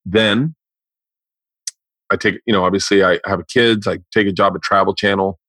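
A man in his forties, a comedian hosting a podcast, telling stories in a casual, profane, animated way. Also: low-pitched, quick pace, no echo. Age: 40s. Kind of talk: casual storytelling chat.

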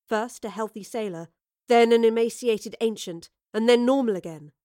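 A woman reading a story aloud as narrator, steady and expressive. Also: a little high, moderate pace, no room sound, studio quality. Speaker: audiobook narrator. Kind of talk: scripted narration.

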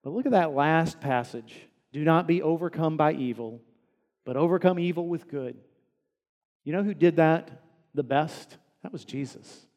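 A man's voice: fairly high pitch, normal speed. Earnest male pastor preaching in a hall. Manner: earnest, rising to emphatic peaks then dropping soft. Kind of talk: sermon.

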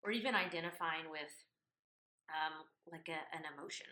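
A woman with a lowish, bright voice talks in a roomy, echoing space. She is thoughtful and reflective, leaning on fillers and slowing down to weigh her words. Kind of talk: casual reflective conversation.

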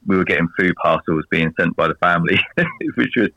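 A man's voice: sits low, little pitch movement, fairly quick, bright, forceful tone, no echo, muffled recording. An English man chatting casually as a guest, rambling and laughing at his own jokes. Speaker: guest on a video call. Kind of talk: casual chat.

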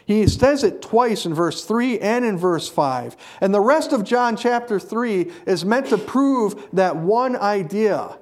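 A man's voice: high voice, lively intonation, takes it slowly, few pauses. A man preaching a sermon, earnest and emphatic, stressing key phrases with repetition.

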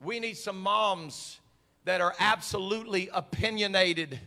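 A male preacher delivering an impassioned sermon, repeating phrases for emphasis and building from soft talk to shouting. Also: high voice, a little slow, big-room sound.

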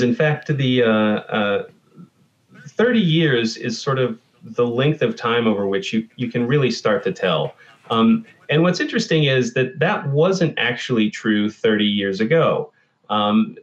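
A man's voice: mid-range voice, lo-fi sound. A man from Texas, a climate scientist guest, explaining with many fillers and restarts. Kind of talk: interview answers.

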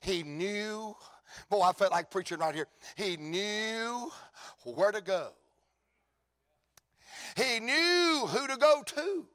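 A man's voice: sits high, expressive, slow pace, long pauses, sharp tone. A man preaching a sermon in church with a fervent, repetitive cadence. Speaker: pastor.

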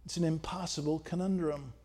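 A man's voice: fairly high pitch, fairly even intonation, brisk, a little mellow. A man preaching a sermon, emphatic and rhetorical, asking the congregation questions. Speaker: pastor.

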